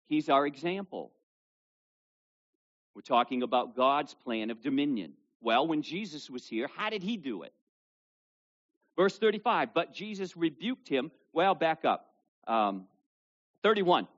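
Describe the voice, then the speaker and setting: A man preaching in a fairly high voice, swinging from loud, punchy scripture reading to quiet, low asides. The sound is dull and lo-fi, as from a modest church recording. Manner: animated, rises loudly for scripture, drops low for asides. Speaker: pastor. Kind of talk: sermon. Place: church service with children present.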